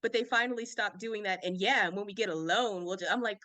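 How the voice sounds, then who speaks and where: A woman's voice: mid-range voice, brisk, bright, forceful tone, no echo. A woman on a panel telling a funny story in a playful, laughing way.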